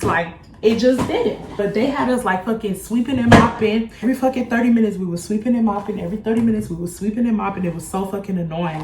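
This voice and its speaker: A woman's voice: mid-range voice, fast talker, few pauses, slight background noise. Young woman, 20s, beauty vlogger; brash, profane storyteller; mid-range voice, reverberant room sound. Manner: blunt, profane, animated storytelling. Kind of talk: casual storytime vlog. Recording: echoey room.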